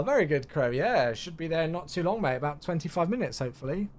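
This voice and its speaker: A man's voice: a little high, sing-song, quick pace. A man streaming a flight sim, chatting casually with viewers and tired from the day. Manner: chatty, reads chat aloud, thanks subscribers. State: tired, yawning. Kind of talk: casual live-stream chat.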